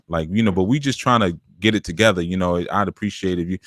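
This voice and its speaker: A man's voice: fairly low pitch, rapid-fire, hardly any pauses, dry recording, studio quality. A man hosting a live call-in spiritual advice show, talking in a streetwise, preachy, colloquial way. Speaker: radio show host and spiritual teacher.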